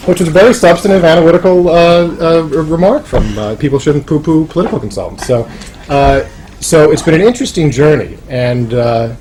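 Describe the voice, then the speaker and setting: A man's voice: mid-range voice, a little mellow, slight background noise. A man giving an informal talk about his book to a small audience, chatty and wry, with many fillers and restarts. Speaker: author speaking at a roundtable.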